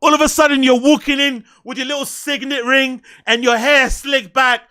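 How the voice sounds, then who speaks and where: A man with a very high, bright, sharp voice rants over clips he is reacting to. He is loud, profane and mocking, and he often breaks into shouts. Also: level tone, normal speed, clean tone. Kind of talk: ranting reaction commentary.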